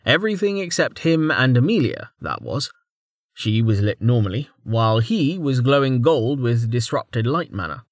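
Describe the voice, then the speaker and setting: In a dry, clean studio recording, a mid-range male voice reads a fantasy audiobook at a moderate pace. It's scripted narration, delivered with expressive storytelling.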